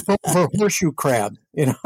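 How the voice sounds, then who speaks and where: A man from Brooklyn, New York, with a slightly raised pitch and a dry, close sound. He tells rambling stories in a casual way, full of fillers and easy laughter. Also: big pitch swings, moderate pace, breathy edge, dry recording. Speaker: podcast guest. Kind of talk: casual storytelling.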